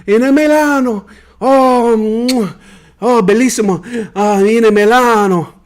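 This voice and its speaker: A man voicing a boastful Italian man from Milan in a comedic character bit, with a put-on Italian accent, halting and searching for English words. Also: extremely high pitch, voice pushed up. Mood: dreamy. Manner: exaggerated, sing-song comparisons.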